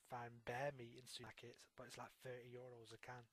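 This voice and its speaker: A man's voice: mid-range voice, completely flat delivery, fairly quick, crowd noise. A man co-hosting an internet radio chat, bantering crudely with lots of swearing and filler words. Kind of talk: casual chat.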